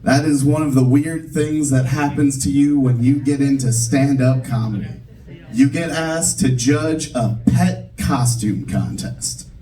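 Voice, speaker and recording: A young man works a comedy club crowd in a loose, self-mocking stand-up set, dropping fillers as he goes. His voice is mellow and sits at an ordinary pitch. The mic catches him from a distance across the room. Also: a little slow.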